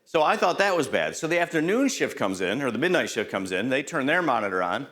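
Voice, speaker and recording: Quizzing the crowd and throwing in "right?", a middle-aged safety trainer tells lively stories from the job in a conversational lecture. His voice sits at medium pitch and his pace is brisk.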